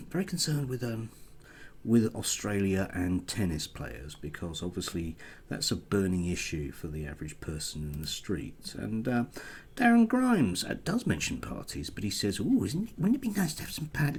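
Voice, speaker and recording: A man giving a casual political vlog monologue, sarcastic and halting, full of ums and uhs. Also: fairly low pitch, creaky, slightly rough. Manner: sarcastic, halting with many fillers. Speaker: political commentator.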